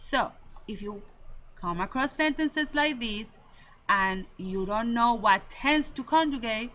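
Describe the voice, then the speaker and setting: A woman Spanish teacher giving a recorded lesson, slowly and deliberately drilling verb endings. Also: fairly high pitch, lively intonation. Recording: slightly dull lo-fi audio with faint noise.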